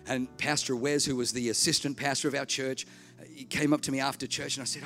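A man preaching a sermon, telling a story and acting out the voices, swinging from hushed to shouting. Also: medium pitch, fairly even intonation, fast, soft background music.

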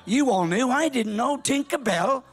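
A man in his sixties preaching a humorous storytelling sermon, lively, rising to shouts. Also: extremely high pitch, unhurried. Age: 60s. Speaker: pastor.

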